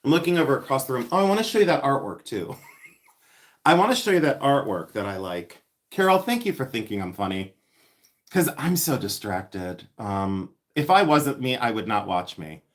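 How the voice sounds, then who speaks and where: A man's voice: medium pitch, sing-song, moderate pace. A man hosting a casual livestream, chatting in a distracted, rambling way as he unboxes vintage finds and answers viewer comments.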